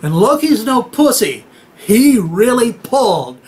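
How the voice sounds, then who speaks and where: Animated, slow-talking male storyteller. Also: very high voice. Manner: irreverent, jokey, talks straight to the audience; acts out voices and noises in the tale. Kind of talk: comic retelling of a myth.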